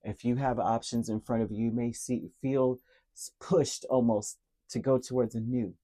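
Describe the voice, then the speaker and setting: Male tarot reader, mellow and dark in tone, emotionally earnest, speaks directly to the listener, repeats key words. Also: mid-range voice, level tone, moderate pace. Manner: repeats key words, many fillers and restarts. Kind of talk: direct-to-camera tarot reading.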